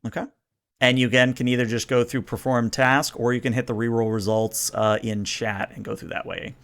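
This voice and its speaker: A man running a tabletop game as game master, explaining rules and narrating in a relaxed, chatty way. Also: medium pitch, brisk.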